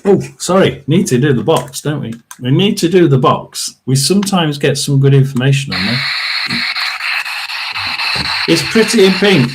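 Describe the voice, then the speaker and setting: A man hosting a casual livestream tarot reading, talking to viewers in a rambling, chatty way with lots of fillers and throat clearing. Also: on the high side, lively intonation, moderate pace, noisy background. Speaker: tarot reader and livestream host.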